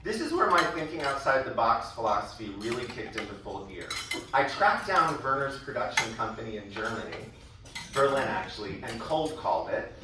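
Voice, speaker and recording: A man's voice: mid-range voice, normal speed, background noise. A man giving a prepared speech at a school event, telling stories and livening up when he quotes others. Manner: storytelling, animated when quoting others. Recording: echoey hall from far off.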